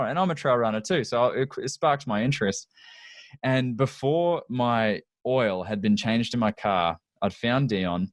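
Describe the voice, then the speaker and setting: A middle-aged man with a lowish voice hosts a podcast, chatting enthusiastically in a casual interview, laughing often and sharing anecdotes. The recording is dry and studio quality.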